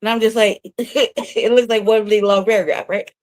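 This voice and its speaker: A woman's voice: on the high side, fairly even intonation, normal speed, no echo. A woman co-hosting a casual talk show from her own room, telling stories in a profane, laughing way. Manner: profane storyteller, laughs often. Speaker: co-host of a news talk show. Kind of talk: casual chat.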